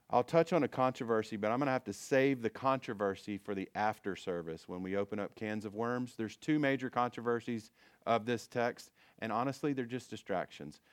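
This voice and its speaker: Male pastor, conversational sermon, medium pitch, dry close sound. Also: no room sound. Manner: conversational preaching with frequent restarts and fillers.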